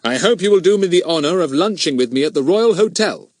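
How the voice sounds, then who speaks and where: A man's voice: on the high side, animated, brisk, darkish tone, dry recording, clean studio sound, voice pushed up. A man voicing a genial, dignified middle-aged police inspector in a storybook, courteous and formal with kindly teasing.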